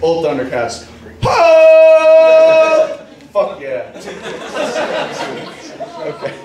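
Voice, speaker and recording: A man's voice: sits high, lively intonation, normal speed, muffled recording, over a noisy crowd. A young man doing a crude, rambling stand-up set on a small club stage, often interrupting himself. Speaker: stand-up comedian. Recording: echoey club room, distant mic.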